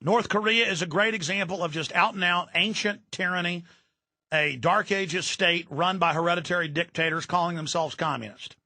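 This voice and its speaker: A man's voice: high-pitched, normal speed, sharp tone, no room sound. A man hosting a radio talk show, delivering an intense, ranting political monologue and repeating words when worked up. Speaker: radio host.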